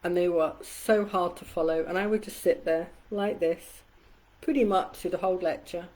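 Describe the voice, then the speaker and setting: Middle-aged woman coach with a warm, mellow voice. Candid and conversational, swears now and then. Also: steady tone, moderate pace, low-quality recording. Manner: acts out quoted voices with shifts in pitch and loudness. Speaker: community coach. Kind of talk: casual live-stream talk.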